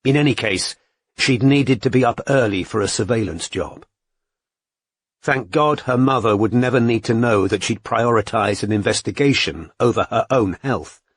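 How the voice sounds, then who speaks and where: Husky male audiobook narrator. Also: medium pitch, moderate pace. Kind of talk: scripted narration.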